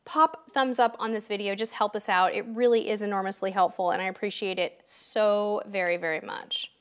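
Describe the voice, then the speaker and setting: A woman's voice: medium pitch, steady tone, normal speed. A woman hosting a live-stream quiz, chatting upbeat and directly to her viewers, a bit tired. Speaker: livestream host. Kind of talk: casual live-stream chat.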